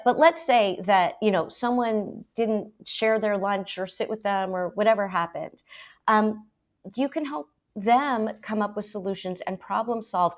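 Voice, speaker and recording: A woman talking in a lively debate about parenting, emphatic and quick to act out how parents speak. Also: medium pitch. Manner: emphatic, quick to mimic parents in put-on voices.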